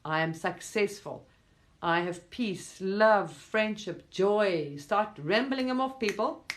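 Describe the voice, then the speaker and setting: Woman, medium-pitched, casual rambling monologue to camera, emphatic with loose swearing. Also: slow, a little hiss or hum. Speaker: spiritual vlogger. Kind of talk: casual spoken monologue to viewers.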